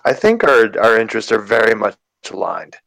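A man's voice: fairly low pitch, very animated, brisk, creaky, fairly bright tone, no echo, full character voice, low-quality recording. A man voicing a nervous, overly courteous male adventurer who stammers through his words. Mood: politely flustered.

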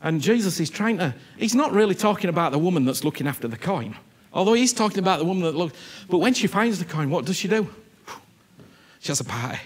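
Husky, animated preacher. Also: male voice, high-pitched, fast talker. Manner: animated, earnest, repeats himself, keeps asking "you understand me?". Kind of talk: sermon.

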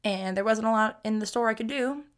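A young woman in her twenties chats alone on her podcast, loose and self-mocking, with lots of fillers. Her voice is slightly hoarse and scratchy, and she keeps clearing her throat. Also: fairly high pitch, brisk. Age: 20s. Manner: rambling, self-mocking, chatty with many fillers. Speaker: podcast host. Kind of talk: casual solo podcast chat.

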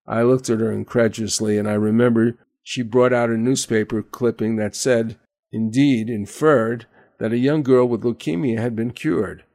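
An older male radio host reads a personal story in a measured, earnest way. His voice sits at an ordinary middle pitch. He introduces his guest with steady care. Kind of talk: scripted radio narration.

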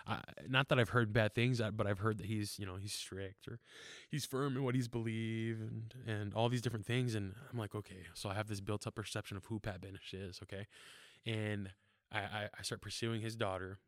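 Young man, lowish voice, casual podcast chat, laughs a lot, earnest, dry close sound. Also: fairly even intonation, fairly quick, dry recording. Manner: laughing, earnest, rambling with fillers. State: tearful. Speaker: podcast guest.

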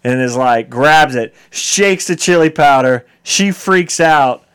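Male co-host, casual recap, smooth voice, animated and incredulous. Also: on the high side, takes it slowly. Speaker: podcast co-host. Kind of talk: casual movie-recap chat.

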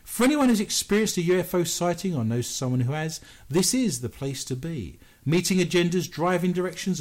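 A man's voice: on the high side, a little mellow. A British man hosting a paranormal news radio show, joking and making fun of himself as he talks. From Britain. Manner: playful, jokey, self-mocking.

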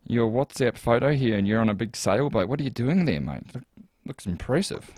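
A man's voice: medium pitch, animated, brisk, darkish tone, dry recording, clean studio sound. A man with a New Zealand accent hosting a casual podcast, chatty and easygoing with plenty of fillers. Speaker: podcast host and cycling coach.

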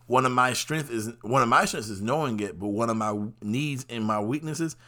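A man hosts a podcast at a normal pace, his medium-pitched voice carrying a sharp tone. His personal monologue is talkative and rambling, peppered with fillers.

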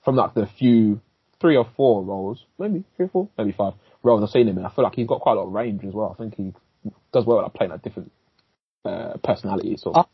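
A man talks through films in a relaxed podcast chat, his low voice slightly husky. He fills his speech with likes and ums and agrees often. The recording is dull and lo-fi, with a dry, close sound. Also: fast, no room sound. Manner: loose, filler-heavy, reacts with short agreements. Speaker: film podcast co-host. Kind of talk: casual film review chat.

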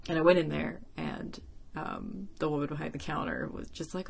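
A woman's voice: low voice, steady tone, moderate pace, creaky, husky. A young woman hosting a solo podcast, talking casually and emotionally with many fillers, close to tears. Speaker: podcast host.

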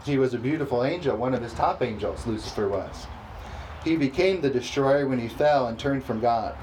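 A man preaching a sermon, reading scripture slowly and emphatically and calling for responses from the congregation. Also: mid-range voice, a little mellow, slight background noise, rough recording. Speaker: pastor.

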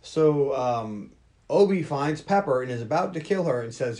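A man hosting a podcast, recapping a film in casual chat with a profane, animated storytelling manner. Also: mid-range voice, normal speed. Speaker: podcast host.

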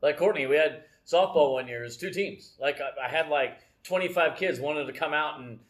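A fairly high-pitched man talks at a fairly quick clip, a middle-aged preacher giving a relaxed, self-mocking message from the church front. He weaves in personal stories and repeatedly asks "right?"

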